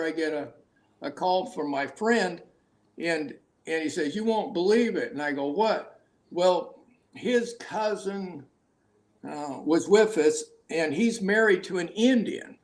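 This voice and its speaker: An older man spinning a rambling hunting yarn, his voice sitting high. He restarts sentences often and laughs at his own stories. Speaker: hunting guide, guest. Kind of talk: casual storytelling interview.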